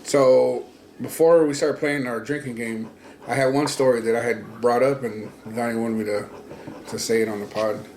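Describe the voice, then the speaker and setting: A man's voice: mid-range voice, steady tone, moderate pace, darkish tone, slight background noise. A man casually telling a story to friends, swearing freely and acting out friends' lines in a raised voice. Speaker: podcast co-host. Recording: roomy echo.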